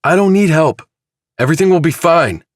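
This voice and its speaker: A man's voice: lowish voice, moderate pace, no echo, clean studio sound, pitched above the performer's own voice, lightly acted. A male narrator playing a defensive, cornered young man in an audiobook, speaking in tense, snapping lines. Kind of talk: audiobook dramatization.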